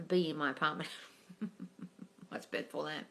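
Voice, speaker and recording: A woman's voice: sits low, measured pace, vocal fry, fairly bright tone. A woman coach reading viewer questions aloud on a casual live stream, blunt and full of swearing, calling everyone darling.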